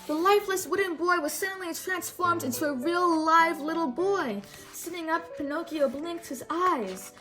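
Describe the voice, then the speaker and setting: High-voiced woman reading a storybook. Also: moderate pace, few pauses, poor audio. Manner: stumbles and rereads words. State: sore throat. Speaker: storybook reader. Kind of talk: reading a picture book aloud.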